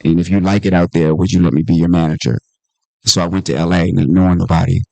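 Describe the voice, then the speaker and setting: Low-pitched, quick, and gravelly, this man's voice comes through with no room sound. He is a comedian and author from Washington, D.C., speaking at a book talk, where he tells personal stories conversationally and animatedly performs the voices of the characters.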